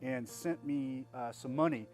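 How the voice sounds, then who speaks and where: Man, veteran, candid personal testimony, blunt and plain-spoken, mid-pitched voice. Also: measured pace, a little mellow, faint music behind. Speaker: veteran telling his story.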